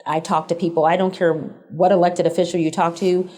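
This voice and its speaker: Mellow low-voiced woman guest. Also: level tone, brisk. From United States. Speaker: guest, political candidate. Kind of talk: interview answers.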